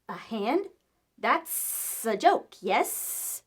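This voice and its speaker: A woman's voice: fairly high pitch, big pitch swings, drawn-out words, husky, heavily acted. A woman voicing a sly male snake in a read-aloud storybook, drawing out her words. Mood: teasing.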